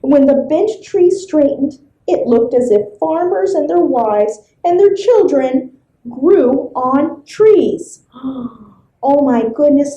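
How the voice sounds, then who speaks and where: A woman librarian reading a folk tale aloud to children, expressive and full of sound effects. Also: high-pitched, reverberant, low-quality recording. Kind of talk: storybook read-aloud for children.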